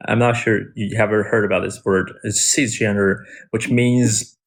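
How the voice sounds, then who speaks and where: Brief: man, English, hesitant, halting explainer on a stream, lowish voice. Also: steady tone. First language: Mandarin Chinese. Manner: hesitant, lots of fillers and restarts, explaining. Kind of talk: casual live-stream chat.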